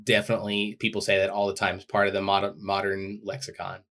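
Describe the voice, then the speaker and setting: A man's voice: fairly low pitch, completely flat delivery, quick pace, pushed and bright. A man co-hosting a casual podcast, talking about song lyrics in a blunt, exasperated way and swearing freely. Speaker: podcast co-host.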